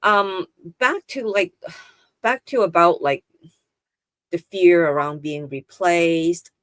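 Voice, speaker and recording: Woman guest talking slow and careful, lots of ums, low voice. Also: fairly bright tone, no room sound. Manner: thoughtful and measured with frequent fillers. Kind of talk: casual conversational interview.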